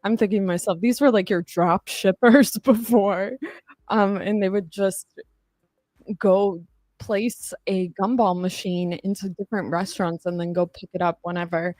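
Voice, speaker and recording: A woman's voice: medium pitch, fairly even intonation, normal speed, darkish tone, dry recording. A young adult woman chatting casually on a livestream, rambling, swearing and laughing as she talks. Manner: rambling, profane, laughing often. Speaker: livestream host.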